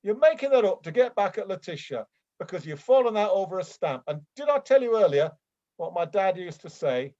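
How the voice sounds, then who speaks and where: A man playing a fussy stamp-club member in an improvised comedy scene, rambling and chiding, with excitable outbursts. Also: high voice, a little fast, dull audio. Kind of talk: improvised comedy scene over video call.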